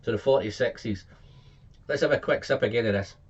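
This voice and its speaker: Excitable man reviewing whisky. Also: medium pitch, fairly quick, slightly rough, muffled recording. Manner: excitable, lists tasting notes, repeats words and exclaims. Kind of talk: casual tasting review.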